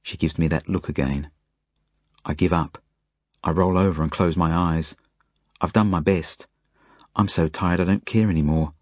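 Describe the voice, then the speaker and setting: A man's voice: low-pitched, fairly even intonation, moderate pace, pauses often, no echo, studio quality. A man with an Australian accent, an author reading his own novel as first-person audiobook narration in a plain, earnest way.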